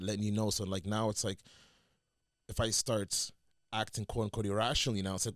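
A man's voice: fairly low pitch, little pitch movement, fairly quick, fairly bright tone, no echo, clean studio sound. A man co-hosting a podcast in casual chat, rambling with many restarts and acting out what he says to himself. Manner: rambling, many restarts and quoted self-talk. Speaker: podcast co-host.

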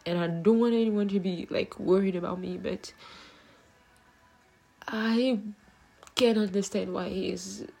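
A young woman vlogging late at night, talking softly and haltingly to her camera, tearful after crying, with many fillers and restarts. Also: medium pitch, steady tone, vocal fry.

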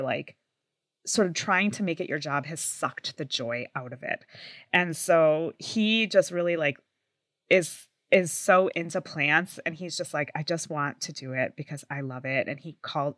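A woman co-hosting a podcast in an enthusiastic, rambling way, dropping "like" often as she talks. Her voice is low for a woman, and the sound is dry and close to the mic. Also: fairly bright tone, no room sound. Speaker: podcast co-host. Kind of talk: casual podcast chat.

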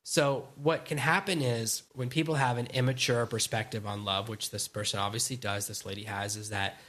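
Opinionated middle-aged guy on a podcast, bright tense voice, lays down rules. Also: mid-range voice, fairly even intonation, moderate pace. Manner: opinionated, lecturing. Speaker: podcast co-host. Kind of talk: casual chat.

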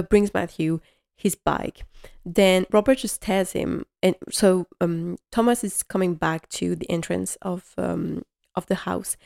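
A woman's voice: medium pitch, vocal fry, a little mellow. A woman host chatting casually and enthusiastically through a TV episode recap, rambling with many fillers. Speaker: podcast host.

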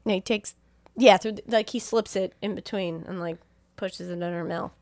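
A woman's voice: medium pitch, steady tone, a little mellow, no echo. Laughing woman retelling a movie, dry. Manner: laughing, swearing, quick retelling with voiced quotes. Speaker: podcast co-host recapping a film. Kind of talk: casual chat.

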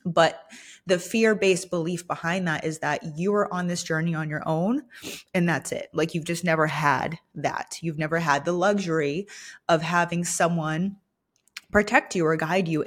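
A woman's voice: sits low, steady tone, moderate pace. A young woman hosting a personal podcast, speaking candidly and vulnerably with many fillers, emotional and close to tears. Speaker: podcast host. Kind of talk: personal reflective monologue.

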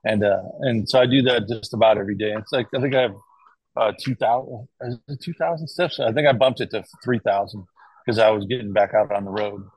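Husky low-voiced man rambling in conversation. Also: fairly even intonation, brisk, no echo, rough recording. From United States. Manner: rambling, restarts often, frequent "right?". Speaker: guest, cardiac arrest survivor. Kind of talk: casual interview talk.

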